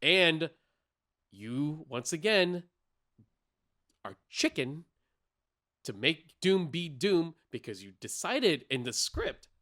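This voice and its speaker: Animated, bright-voiced male podcast co-host. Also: fairly high pitch, slow pace, pauses often. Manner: animated, emphatic, opinionated. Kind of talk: casual chat.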